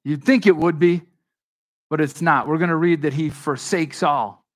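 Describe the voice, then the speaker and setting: This pastor's fairly high, steady voice moves at a moderate pace through an expository sermon. He speaks conversationally but with emphasis, breaking off to restart and addressing asides to the congregation.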